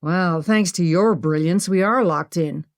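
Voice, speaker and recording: Audiobook role: pessimistic, sharp-tongued young woman, sarcastic, read by a woman narrator. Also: on the low side, a little slow, no room sound, studio quality. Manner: sarcastic, snappish.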